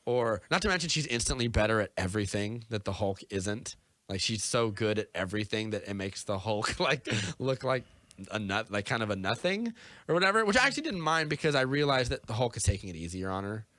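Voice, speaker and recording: A man's voice: fairly low pitch, expressive, fairly quick, fairly bright tone, dry recording. A young man co-hosting a podcast, chatting casually in a rambling way full of fillers. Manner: rambling, lots of "like" and "or whatever". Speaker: podcast co-host. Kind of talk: casual chat.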